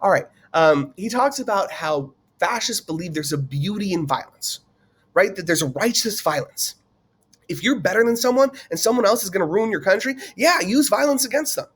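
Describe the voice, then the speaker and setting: High-voiced man giving a casual lesson. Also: expressive, moderate pace, fairly bright tone, slightly rough. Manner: conversational, many fillers, asks the viewer questions. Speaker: teacher explaining a political topic. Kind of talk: casual explainer lecture.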